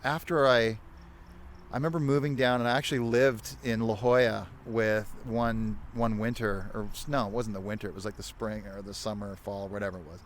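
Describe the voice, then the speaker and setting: A man's voice: on the low side, fairly even intonation, a little fast, a little hiss or hum. A man in his fifties, a podcast guest telling loose, rambling stories and correcting himself as he goes. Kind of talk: casual storytelling chat.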